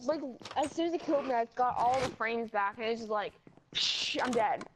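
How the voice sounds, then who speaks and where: Excitable high-voiced woman. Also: a little fast. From West Virginia. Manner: excitable, rambling, apologetic. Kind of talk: casual gaming chat. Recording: noticeable background noise and clicks.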